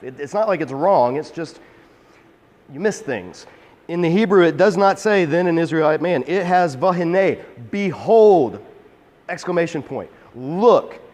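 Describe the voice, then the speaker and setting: A man teaching through a Bible passage in an energetic, emphatic, conversational way. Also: on the high side. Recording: long hall reverb.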